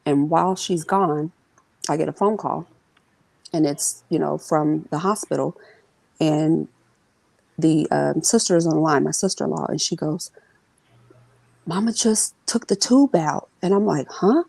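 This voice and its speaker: A woman telling an emotional family story as an interview guest, earnest and halting, sometimes acting out what others said. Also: low voice, gravelly, a little mellow, no echo, poor audio.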